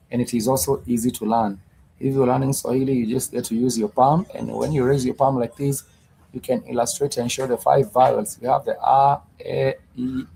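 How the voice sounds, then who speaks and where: A man's voice: medium pitch, gravelly, mellow, slight background noise, low-quality recording. A man teaching a live-streamed language lesson, patiently repeating words and breaking them into syllables. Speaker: Swahili teacher.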